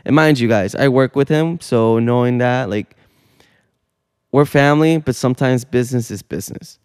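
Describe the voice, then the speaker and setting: A man hosting a relaxed studio conversation, his voice dry and close with no room around it. He leans into stories with animated energy, setting up questions for his guests. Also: medium pitch, normal speed, clear, resonant tone, no echo. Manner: storytelling, animated. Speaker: podcast host. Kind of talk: casual studio chat. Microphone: studio mic.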